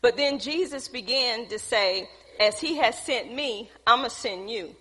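A woman's voice: on the high side, measured pace, a bit bright, husky. A woman preacher delivering a sermon, putting questions to the congregation and dropping casual asides. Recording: long hall reverb.

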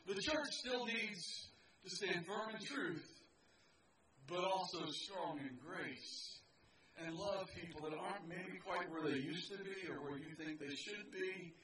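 A man's voice: high-pitched, a little slow. A man preaching to a picnic crowd at a park, talking in a loose, conversational way with joking asides to his listeners. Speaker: pastor. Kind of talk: outdoor sermon. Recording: distant mic with crowd noise.

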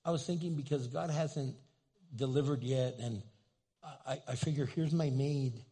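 A man's voice: medium pitch, normal speed, warm tone, slightly rough, voice pushed down. A man acting out a worried older wife in a sermon story, speaking in hesitant, stammering lines. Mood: fretful. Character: worried aging wife, fretful and resigned.

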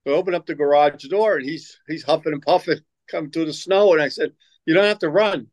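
A man's voice: a little high, fast, dry recording, rough recording. An older man, a former basketball coach, telling rambling stories in an interview, repeating himself and acting out what people said. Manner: rambling, repeats words, acts out quoted lines. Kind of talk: storytelling interview answers.

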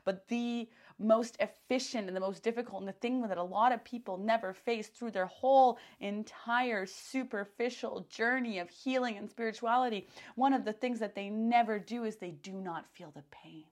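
A young podcast host with a voice on the high side speaks at normal speed with few pauses. Her monologue is loose and rambling, heavy on fillers and restarts, and she becomes animated retelling her own thoughts.

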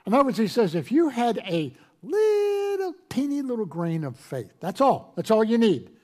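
A male pastor preaching a sermon to a congregation, quoting scripture in a raised, animated voice. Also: extremely high pitch, normal speed. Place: church hall with congregation.

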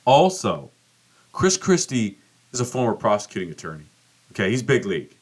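A man's voice: on the low side, very animated, normal speed, husky. Profane ranting male podcast host. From United States. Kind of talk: casual political commentary.

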